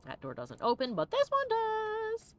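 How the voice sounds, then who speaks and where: A woman's voice: very high-pitched, huge pitch swings, unhurried, a bit bright. Bubbly joking woman streamer. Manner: bubbly and joking, laughs often, acts out characters' lines. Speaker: let's play streamer. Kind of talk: casual gameplay commentary.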